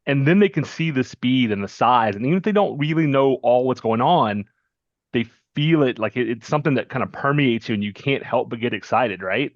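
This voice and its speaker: A man's voice: mid-range voice, animated, a little fast, no room sound. A man from North Carolina hosting a podcast who talks casually and keeps checking in with "right?" and "you know". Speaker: podcast host. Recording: dry, dull lo-fi sound.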